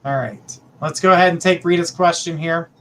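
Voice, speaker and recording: A man's voice: a little high, normal speed, fairly bright tone, a little hiss or hum. A middle-aged man hosting a live psychic reading stream, chatting casually and affectionately with viewers. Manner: chatty, affectionate, calls viewers sweetheart and honey. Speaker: psychic reader, livestream host.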